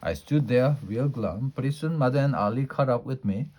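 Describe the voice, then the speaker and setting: Guy reading a kids chapter book out loud, lively storyteller, average pitch. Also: normal speed. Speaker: storybook reader. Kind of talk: children's book read-aloud.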